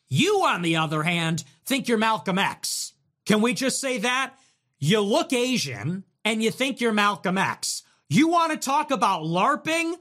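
A livestream host with a sharp, high-sitting voice rants to his chat in a sarcastic, mocking way, delivering commentary as he goes.

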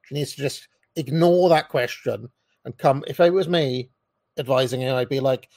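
A man's voice: medium pitch, normal speed, a little mellow, no echo, clean studio sound. A man giving a blunt, mocking rant as he reacts to a political interview. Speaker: political commentator reacting to a clip. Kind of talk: ranting reaction commentary.

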